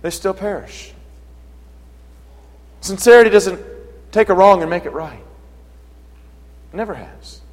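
A man preaching a sermon in an earnest manner that rises to forceful emphasis. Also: on the high side, in a large hall, low-quality recording.

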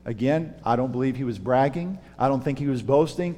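A man's voice: mid-range voice, a little fast, warm tone. A man teaching a Bible class, emphatic, asking rhetorical questions and repeating words. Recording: long reverb of a large room.

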